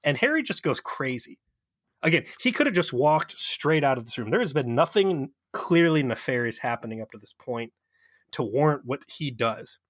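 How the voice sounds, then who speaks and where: Profane, animated male podcast host. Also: medium pitch, moderate pace, dry recording, studio quality. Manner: profane, animated storytelling with mocking quoted voices. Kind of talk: casual episode recap chat.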